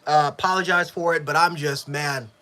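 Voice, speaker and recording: A man giving a live sports reaction, frustrated and profane, swinging between yelling and low muttering. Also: steady tone, moderate pace. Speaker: sports fan streamer.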